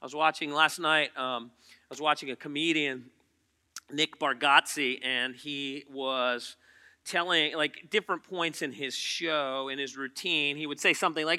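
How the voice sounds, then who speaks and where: A man's voice: a little high, a little fast, pushed and bright. A man preaching a sermon in a church, talking conversationally and asking the congregation questions. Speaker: pastor. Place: church auditorium.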